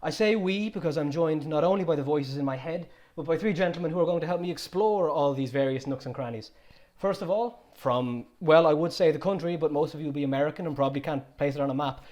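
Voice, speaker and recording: A man's voice: a little high, fast, a little mellow, dull audio. Joking young male podcast host. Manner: teasing, joking banter. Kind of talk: casual podcast chat.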